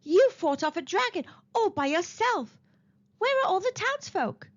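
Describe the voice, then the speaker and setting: A woman's voice: extremely high pitch, big pitch swings, unhurried, voice pushed up, heavily acted. A woman doing a bossy, fibbing girl princess. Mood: grateful. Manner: sly, teasing, prone to fibbing. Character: bossy mischievous girl princess turned shepherd. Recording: slightly dull lo-fi recording.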